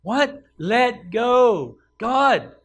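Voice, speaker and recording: A man voicing a panicked man dangling from a cliff, shouting and pleading. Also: very high voice, big pitch swings, extremely slow, pitched above the performer's own voice, exaggerated voice. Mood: alarmed.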